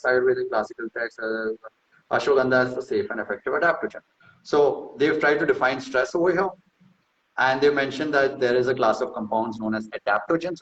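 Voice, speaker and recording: A man's voice: medium pitch, a bit bright. A man in casual talk reading through a research paper, brash and mocking, with profane boastful asides. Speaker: host. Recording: echoey room, slightly dull sound.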